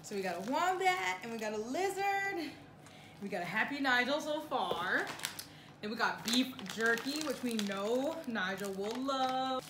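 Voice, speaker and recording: A woman's voice: on the high side, expressive, unhurried. A woman vlogging casually, cooing baby talk at her dog and laughing often. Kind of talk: casual vlog talking to a pet. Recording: echoey room with noise.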